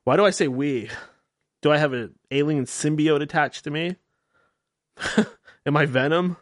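A man's voice: fairly high pitch, a little slow, dry recording, clean studio sound. A man hosting a radio-style podcast, talking in a rambling, candid, self-mocking way and swearing freely. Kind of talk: casual solo talk-show monologue.

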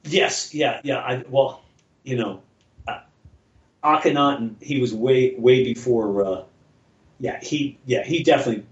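A man of medium pitch shares a long personal anecdote in a relaxed chat, meandering and restarting often as he acts out the voices of those in the story. It's captured in dull, echoey, lo-fi audio.

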